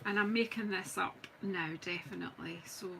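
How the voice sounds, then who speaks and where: Making cards on a live stream, a middle-aged woman from Scotland chats with viewers while she works, teasing herself along the way. She speaks at a normal speed in a mid-range, slightly bright voice with vocal fry and fairly even intonation; the low-quality recording has slight background noise.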